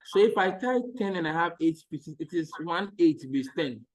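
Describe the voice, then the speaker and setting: A man's voice: a little high, expressive, normal speed, poor audio. A man teaching maths in an online lesson, patiently repeating each step and checking that the students follow.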